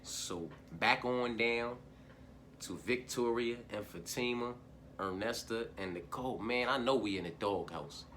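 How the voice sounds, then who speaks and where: A man's voice: medium pitch, measured pace, a bit bright, slight background noise. A man hosting a fight-betting picks channel, talking in a profane, rambling, fired-up way with lots of slang fillers. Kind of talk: casual solo picks monologue.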